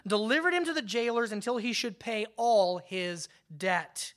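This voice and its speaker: Man, pastor, sermon, conversational, emphatic swells, hushed drops, restarts phrases. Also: high-pitched, normal speed. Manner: repeats words as he restarts a phrase.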